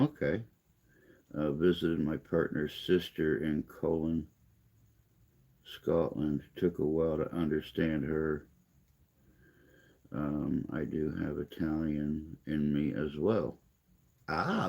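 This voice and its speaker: Older male host, very low gravelly voice, slow rambling chat delivery, self-deprecating. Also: mellow. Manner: rambling, self-deprecating, reads viewer comments aloud. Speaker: livestream host reading chat. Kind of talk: casual chat.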